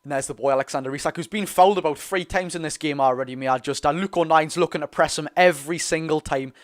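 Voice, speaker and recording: A young man with a Geordie accent hosting a live football watch-along, chatty and excitable, bursting into loud reactions. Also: fairly high pitch, fast. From North East England. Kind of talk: live fan commentary.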